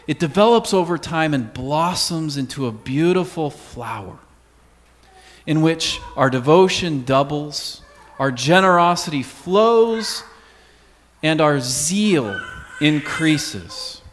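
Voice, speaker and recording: A man preaching a sermon as pastor, earnest, dropping to a hush on key words. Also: on the high side, lively intonation, slow, long reverb tail.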